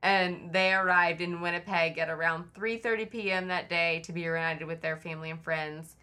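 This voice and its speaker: Woman telling a crime story, lowish bright voice, says like constantly, curses a lot. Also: steady tone, moderate pace, clean tone. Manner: chatty, swears often, heavy use of "like". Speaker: podcast co-host telling a true crime story. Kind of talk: casual true crime chat.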